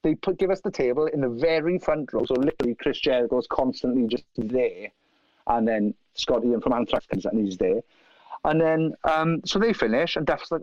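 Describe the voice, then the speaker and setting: Welsh man, lively swearing storyteller, dry close sound, slightly dull lo-fi. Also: mid-range voice, fairly quick, no room sound. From South Wales. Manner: animated, profane, acts out other people's lines. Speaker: guest musician. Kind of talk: casual anecdote telling.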